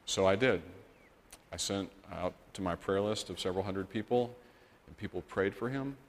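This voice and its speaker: Male missionary preacher, lowish voice, earnest sermon, long church-hall echo. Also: normal speed. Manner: earnest, building to emphatic points. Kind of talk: sermon with personal storytelling.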